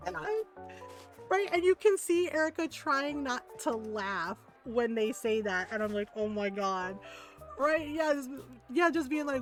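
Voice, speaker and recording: Chatty streamer woman, higher voice. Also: expressive, a little slow, faint music behind. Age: middle-aged. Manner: chatty, laughs often, full of fillers and restarts. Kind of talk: casual gaming stream chat.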